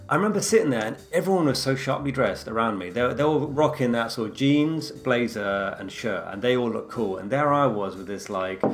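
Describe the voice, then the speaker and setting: A man, telling a story in a lively, casual chat. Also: mid-range voice. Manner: animated storyteller.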